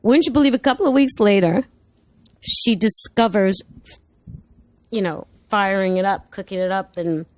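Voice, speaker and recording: A woman, a guest on an interview show, telling an animated story and acting out the voices of the people in it. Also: medium pitch, moderate pace, long pauses, no echo. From New York. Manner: lively, acts out voices, laughs while telling.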